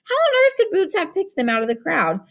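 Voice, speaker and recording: A woman narrating an audiobook in an expressive storytelling manner, doing voices for each character. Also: extremely high pitch, a little fast.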